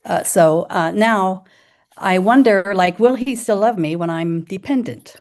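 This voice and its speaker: A woman on a panel talking in a candid, personal and somewhat halting way. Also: medium pitch, a little mellow. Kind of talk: panel discussion.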